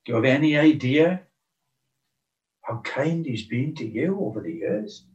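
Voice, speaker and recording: A man's voice: mid-range voice, lively intonation, measured pace, a little mellow. A man preaching a sermon earnestly, stressing his questions with mounting emphasis. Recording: muffled, from far off the mic.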